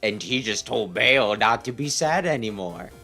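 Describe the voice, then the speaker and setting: A man's voice: fairly low pitch, lively intonation, normal speed, pushed and bright. A man giving casual, sarcastic commentary while playing a video game. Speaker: let's play host. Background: faint game music.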